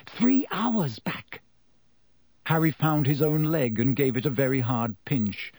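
A man's voice: mid-range voice, moderate pace, a little mellow, no echo. A man reading a children's fantasy novel aloud as narrator, telling the story expressively. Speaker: audiobook narrator. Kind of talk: scripted narration.

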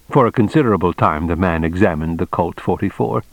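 A man narrating an audiobook in a measured, even storytelling manner. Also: sits low, no echo, poor audio. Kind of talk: scripted narration.

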